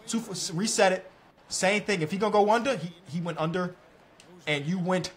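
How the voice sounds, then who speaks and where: A young man commenting on his own basketball video game as he plays, talking to the players on screen, mocking himself and shouting at big plays. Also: fairly high pitch, fairly quick. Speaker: gaming YouTuber.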